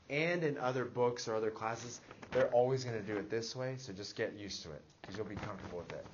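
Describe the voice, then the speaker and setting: Man, math teacher, classroom, questioning, checks on students, dull lo-fi sound, faint noise. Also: mid-range voice. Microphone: classroom recording device.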